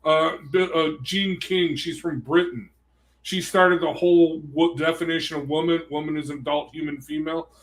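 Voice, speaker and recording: Animated man with a raised voice. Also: on the high side, moderate pace. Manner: animated, rambling, heated storytelling. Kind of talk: casual conversation.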